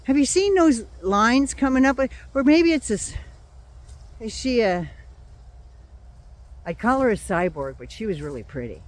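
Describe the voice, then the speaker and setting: An older woman vents in a casual, blunt monologue, sarcastic and quick to swear. Her pitch swings widely as she talks. She has a runny nose from a cold. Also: sing-song. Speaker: vlogger. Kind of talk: casual political rant.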